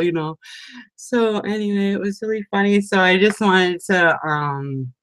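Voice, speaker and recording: A woman in her forties chatting casually with her crafting group at home, talking fast and laughing often. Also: on the low side, dry recording. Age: 40s. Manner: chatty and animated, breaks into frequent laughter. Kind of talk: casual chat.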